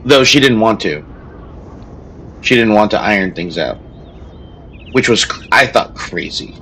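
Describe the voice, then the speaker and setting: A man's voice: fairly low pitch, animated, measured pace, pushed and bright, slight background noise, poor audio. A man, a streamer who also teaches, chatting casually while he plays a strategy game, telling a story in a rambling way with many restarts.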